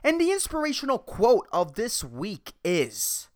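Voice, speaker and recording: A man's voice: high voice, wildly swooping pitch, measured pace, few pauses, no echo, studio quality. A man hosting a solo podcast, rambling and ranting with lots of profanity. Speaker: podcast host. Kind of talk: casual solo podcast monologue.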